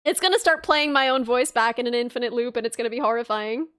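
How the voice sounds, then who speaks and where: A woman's voice: a little high, quick pace, fairly bright tone, clean tone, dry recording, clean studio sound. A young woman, chatting casually on a live stream, giggly, rambling and self-mocking. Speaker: VTuber streamer.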